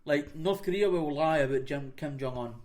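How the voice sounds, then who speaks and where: A man's voice: a little high, normal speed, darkish tone. A young Scottish man co-hosting a podcast, chatting casually in a blunt, sweary, sarcastic way. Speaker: podcast co-host.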